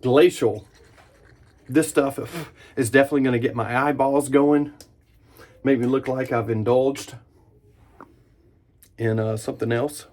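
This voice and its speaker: A man in his thirties hosting a casual shaving vlog at his bathroom sink, relaxed and enthusiastic, humming in approval. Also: mid-range voice, a little slow, long pauses. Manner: relaxed, enthusiastic, chatty with small hums of approval. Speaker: wet shaving channel host. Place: home bathroom at the sink, indoors.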